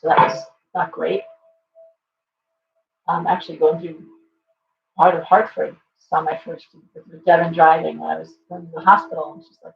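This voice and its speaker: A woman's voice: low voice, flat delivery, normal speed, creaky, pauses often. A woman hosting a live stream, rambling casually and greeting viewers by name. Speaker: shop owner and live show host. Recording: roomy, distant, dull lo-fi sound with faint hum.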